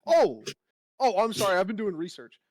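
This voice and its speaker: A man playing a tabletop game, joking deadpan with the other players. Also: sits high, moderate pace. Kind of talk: casual tabletop chat.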